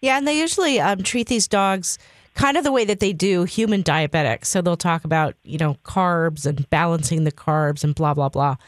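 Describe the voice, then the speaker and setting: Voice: mid-range voice, moderate pace, no room sound. A veterinarian guest on a call-in radio show, explaining dog diets in a conversational way.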